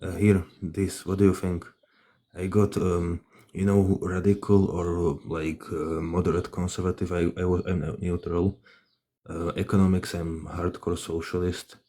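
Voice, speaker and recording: A man calling into a live stream, talking in a halting way with many fillers as he lists his political views. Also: deep voice, level tone, dark tone. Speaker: caller. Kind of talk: casual live-stream chat.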